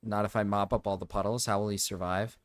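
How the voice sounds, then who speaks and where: Excitable young man streaming, dry sound. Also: fast talker, no echo. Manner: excitable, swears, frequent laughter, sudden high yelps. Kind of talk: live-stream reaction commentary.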